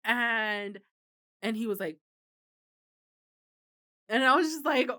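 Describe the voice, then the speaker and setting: A woman's voice: a little high, expressive, slow, sharp tone. Chatty laughing woman podcast host. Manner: chatty, laughs often, swears casually. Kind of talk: casual chat.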